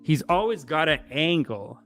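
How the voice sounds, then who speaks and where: A man's voice: a little high, big pitch swings, measured pace, a bit bright, soft background music. A man hosting a podcast, giving casual, irreverent commentary with mocking, rambling asides while reading news aloud. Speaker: podcast host.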